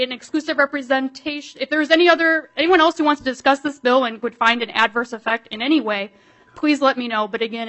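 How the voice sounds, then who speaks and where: Woman, legislator presenting a bill, fast and animated, slightly high voice. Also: low-quality recording. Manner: quick, animated, filler-heavy delivery. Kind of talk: committee hearing testimony.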